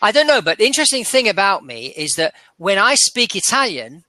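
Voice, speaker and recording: Very bright-voiced Englishman, chatty. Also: high-pitched, big pitch swings, a little fast, no echo. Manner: chatty, thinking aloud with frequent restarts. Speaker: interview guest, aircraft dealer. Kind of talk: casual chat.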